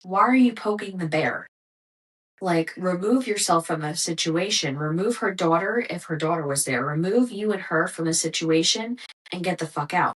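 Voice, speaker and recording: A woman's voice: lowish voice, normal speed, rough recording. Profane, ranting woman podcast host. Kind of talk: casual ranting monologue.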